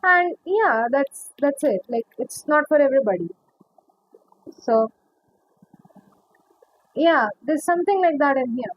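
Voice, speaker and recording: A woman's voice: high voice, animated, unhurried, long pauses, no echo, muffled recording. A woman giving a pick-a-card tarot reading, chatty and rambling, calling the viewer honey. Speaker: tarot reader.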